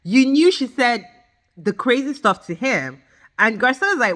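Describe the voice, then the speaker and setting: A woman's voice: on the high side, moderate pace. A woman giving a ranting recap of a reality show, emphatic and blunt, swearing freely and talking straight to her viewers. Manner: emphatic, animated, addresses viewers directly. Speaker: reality TV reviewer.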